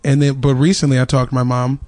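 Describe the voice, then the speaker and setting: A man's voice: mid-range voice, little pitch movement, quick pace, darkish tone, no echo. A man who does stand-up, telling family stories in slangy, laughing casual chat. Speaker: stand-up comedian.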